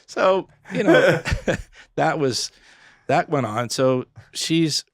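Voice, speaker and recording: A middle-aged man from Florida telling lively stories on a podcast, acting out his friends' voices and laughing often. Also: on the high side, drawn-out words, no echo, studio quality. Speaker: podcast guest, former pub owner. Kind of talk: casual storytelling.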